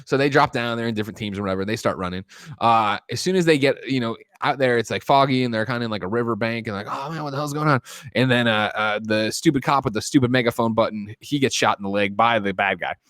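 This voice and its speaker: A man's voice: medium pitch, fast, fairly bright tone, no room sound, studio quality. A man hosting a podcast, recapping a film in a casual chat, acting out the characters as he goes, with swearing. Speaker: podcast host. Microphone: desk microphone.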